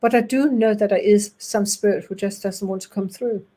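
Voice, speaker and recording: A woman medium shares her experiences in a forthright, emphatic way. Her stories are lively, and she puts weight on the points she wants to drive home. Her voice sits at a middle pitch. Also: normal speed. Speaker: physical medium, guest. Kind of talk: storytelling in a spiritualist talk.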